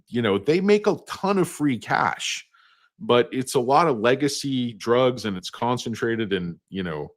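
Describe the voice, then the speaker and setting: A man hosting a casual stock market livestream, rambling between topics with crude jokes. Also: mid-range voice. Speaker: stock market show host.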